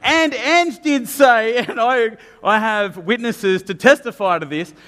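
A man's voice: extremely high pitch, a little slow, a bit bright. An Australian man hosting an on-stage interview at a church, chatty and jokey, laughing often. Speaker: church host. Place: church hall. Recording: long hall reverb.

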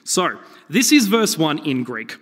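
A man preaching a sermon, telling stories with lively, shifting emphasis. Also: on the high side, a little slow, husky. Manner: animated storytelling with shifting emphasis. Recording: long reverb of a hall.

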